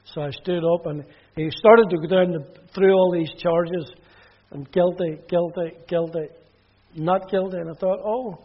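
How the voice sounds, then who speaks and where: Northern Irish preacher, high voice, testimony storytelling, dull muffled sound. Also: male voice, steady tone, moderate pace, breathy edge. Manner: plain storytelling that drops quiet and low in sad parts.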